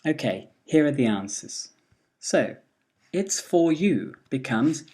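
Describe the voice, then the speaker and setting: Slow, careful teacher. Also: medium pitch, very animated, darkish tone. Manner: slow, careful, models each phrase twice, full then weak form. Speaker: English pronunciation teacher. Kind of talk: scripted pronunciation lesson.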